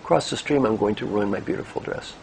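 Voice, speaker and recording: Man doing an upset woman, pleading, gravelly lively voice. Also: on the low side, fairly quick, a little hiss or hum. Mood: distressed. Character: tearful young woman in a silk dress.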